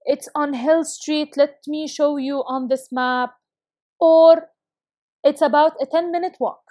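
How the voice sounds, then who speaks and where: Woman teacher w/ doing a video english lesson, highish voice, dry close sound, clear and encouraging. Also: steady tone, slow, darkish tone, no room sound. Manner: clear, encouraging classroom delivery.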